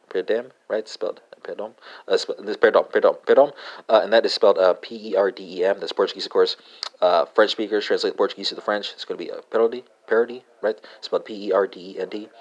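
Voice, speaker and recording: A man hosting a language podcast, talking haltingly with many fillers and spelling words out letter by letter. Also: sits low. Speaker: podcast host. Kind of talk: language lesson monologue.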